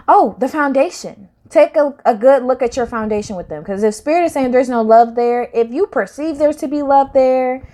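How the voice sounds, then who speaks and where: A slangy woman gives a casual tarot reading to camera, speaking at a normal speed with a fairly high pitch, lively intonation, and few pauses. She rambles and swings between loud and soft.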